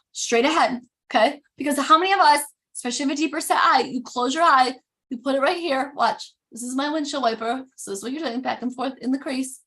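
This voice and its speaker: A woman hosting a casual live makeup tutorial, chatty and animated, often interrupting herself. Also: high voice. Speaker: makeup demo host.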